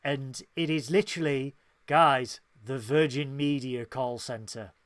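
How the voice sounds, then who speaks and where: A man co-hosting a casual review chat, animated and swearing freely as he acts out characters' lines. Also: mid-range voice, measured pace, no echo. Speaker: podcast co-host.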